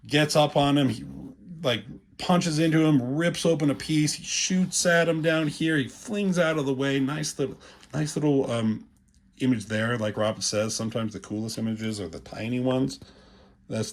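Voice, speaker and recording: A man giving casual, rambling commentary on comic pages, profane and full of filler words, with a husky voice. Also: mid-range voice.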